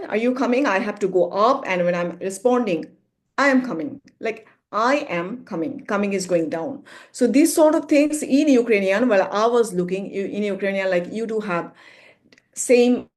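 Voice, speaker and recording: A woman presents at an online academic conference over a video call. Her pitch and pace sit in the middle for a woman. She explains as she goes, fills pauses with "like" and says sounds aloud to show them. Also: darkish tone. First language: Bengali.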